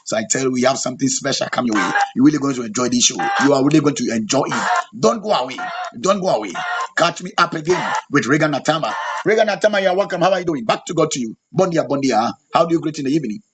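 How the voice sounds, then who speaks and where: A man's voice: medium pitch, expressive, racing, few pauses, background noise. A man hosting a live evening show, repeating his phrases and calling out to a guest on the line. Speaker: show host. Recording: faint music behind.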